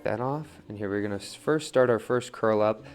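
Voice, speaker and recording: A young man casually teaching wheel throwing, coaching in a relaxed way and often checking in with "right?". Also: on the low side, a little fast, faint music behind. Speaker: pottery teacher.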